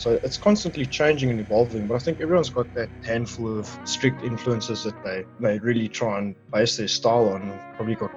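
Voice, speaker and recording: A man's voice: mid-range voice, fairly quick, few pauses, music in the background, rough recording. A man, a guitarist guest on a video call, talking in a laid-back, candid way. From South Africa. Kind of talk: casual interview chat.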